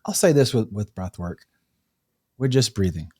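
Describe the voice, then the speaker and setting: A man, a guest on a talk show, telling stories in an animated way, acting out quotes and laughing easily. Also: on the low side, normal speed, husky, no echo, studio quality. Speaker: breathwork facilitator, guest. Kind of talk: casual storytelling interview.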